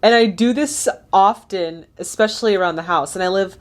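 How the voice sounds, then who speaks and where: A woman's voice: mid-range voice, brisk. A young woman hosting a casual movie reaction, chatty and gushing, often laughing.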